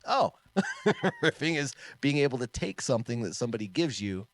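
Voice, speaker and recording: A man co-hosting a casual podcast, an animated storyteller who laughs often and trails off and restarts. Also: medium pitch, normal speed, dry recording. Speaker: podcast co-host, martial arts instructor.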